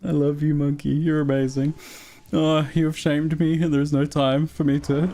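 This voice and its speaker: A man streaming a video game live, reacting excitedly to the action, yelping and laughing, and chatting directly to his viewers. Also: fairly high pitch, moderate pace. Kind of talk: live gameplay commentary. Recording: game music under the voice. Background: game music.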